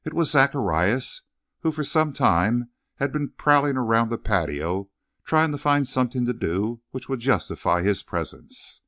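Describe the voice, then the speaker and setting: A man narrating a western novel in an expressive storytelling manner, recorded close to the mic. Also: medium pitch, moderate pace, dry recording. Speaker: audiobook narrator.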